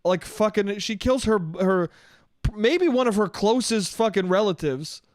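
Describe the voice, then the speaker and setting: Rambling, profane man, smooth voice. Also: high-pitched, animated, unhurried, no echo, clean studio sound. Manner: rambling, profane, laughs often. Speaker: podcast host. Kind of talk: solo comedic monologue.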